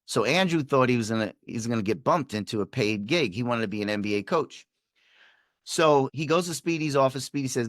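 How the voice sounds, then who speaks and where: A male coach tells a story in a conversation and voices each person's lines, with his pitch jumping up when he gets excited. His voice sits in an ordinary middle range. The sound is dry and close, with no room around it. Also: a little fast, no room sound. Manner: acts out dialogue with shifting pitch and energy. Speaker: performance coach, podcast guest.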